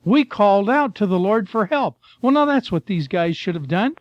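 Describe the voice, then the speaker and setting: Older male preacher, folksy and storytelling, high voice, muffled dry sound. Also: expressive, moderate pace, no echo. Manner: folksy, storytelling, addresses listeners as folks and friend. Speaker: preacher, former missionary. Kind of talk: sermon with Bible reading.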